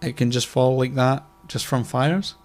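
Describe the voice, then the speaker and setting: A man's voice: mid-range voice, unhurried. A man co-hosting a casual podcast chat, talking emphatically and swearing often. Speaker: podcast co-host.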